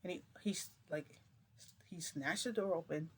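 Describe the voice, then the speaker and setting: A woman telling a long personal story in a casual, rambling way, full of fillers and restarts, keeping her voice low. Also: moderate pace, a little hiss or hum. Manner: rambling, filler-heavy retelling with many restarts; speaks low to keep quiet. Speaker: storytime vlogger.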